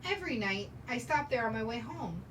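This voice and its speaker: A woman reading the part of a gentle, heartbroken divorced father, earnest and apologetic, in a scene reading. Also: on the high side, expressive, a little fast, lightly acted. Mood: wistful. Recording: distant mic, noisy background.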